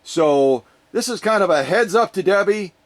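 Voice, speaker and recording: A man's voice: high-pitched, lively intonation, normal speed. A man who restores sewing machines, chatting casually and playfully to his viewers with jokey asides. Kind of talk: casual vlog chat to viewers.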